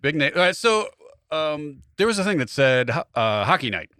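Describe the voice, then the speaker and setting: A man's voice: a little high, moderate pace, smooth, no echo, studio quality. A man co-hosting a podcast, a comedian telling a story in casual chat, acting out the quotes. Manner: animated, acts out quotes in other voices.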